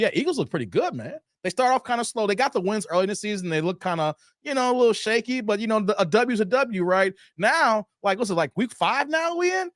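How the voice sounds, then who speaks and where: Dude hosting a live stream, kinda high voice, real dry no room sound, loose slangy talk, gets hyped. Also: male voice, fairly quick, no room sound. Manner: loose and slangy, greets chat viewers by name; animated, jumps high in pitch when worked up. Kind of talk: casual live stream chat.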